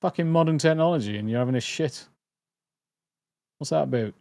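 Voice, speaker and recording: A man's voice: a little high, fairly quick, creaky, warm tone, no echo, studio quality. A British man hosting a livestream, chatting casually to viewers in a rambling, jokey way and swearing freely. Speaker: livestream host.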